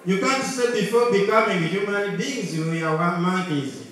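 Ugandan male stand-up, lightly raised pitch, mock-serious storyteller, live hall echo. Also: moderate pace, background noise. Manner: punchy, mock-serious storytelling, switching into Luganda, rising to shouted punchlines. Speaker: stand-up comedian. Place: large comedy venue with live audience. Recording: echoey live hall from far off, loud crowd.

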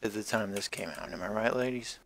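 A man's voice: on the low side, a little fast, vocal fry, a little hiss or hum. A man giving casual let's-play commentary while gaming, rambling and wisecracking with plenty of swearing. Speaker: gameplay commentator.

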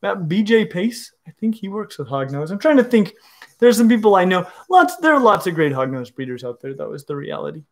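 Eager, explaining man, slightly high voice. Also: very animated, a little fast. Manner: enthusiastic, explanatory, with many restarts. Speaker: reptile educator answering viewer questions. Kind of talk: casual livestream Q&A.

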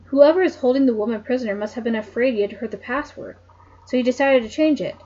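A woman voicing an eager young girl detective who speaks quickly and keenly, on a dull lo-fi home mic. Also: a little high, dark tone, a little hiss or hum, lightly acted.

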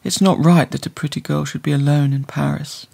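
Man doing a creepy smooth stranger, rich resonant voice, slightly gravelly. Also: fairly high pitch, fairly even intonation, fairly quick, a little mellow. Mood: insinuating. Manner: smooth, insinuating. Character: mysterious suave stranger, smooth and seductive.

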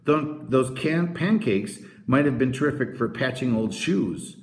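A man's voice: mid-range voice, expressive, measured pace. A man voicing a spirited young girl who is eager to please and stammers when flustered. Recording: roomy echo.

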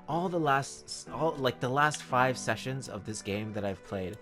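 A chatty man talking over his own gameplay, his pitch leaping around as he jokes and yelps at the game. He rambles to himself and cheers his small wins. Game music plays clearly behind him. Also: measured pace. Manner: chatty, jokey, talks to himself and the dog, excitable outbursts. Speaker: gaming video host. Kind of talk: casual gameplay commentary.

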